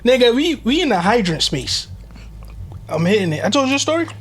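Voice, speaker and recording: A man's voice: very high voice, very animated, fairly quick, slightly rough. A man co-hosting a podcast, telling wild stories in loose slang and laughing often. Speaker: podcast co-host. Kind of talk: casual chat, storytelling.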